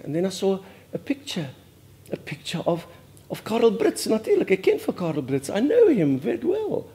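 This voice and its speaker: A man's voice: fairly high pitch, warm tone. A man playing a prim, earnest older Afrikaans society lady with an Afrikaans South African accent, confiding in a monologue that drops Afrikaans words. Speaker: host. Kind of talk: character monologue.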